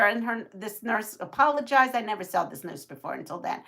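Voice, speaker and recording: A middle-aged woman hosting a casual livestream, chatting in a rambling, animated way and reading out viewer comments. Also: medium pitch, a little fast, gravelly, few pauses. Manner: animated storytelling with gasps and laughs. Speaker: livestream host.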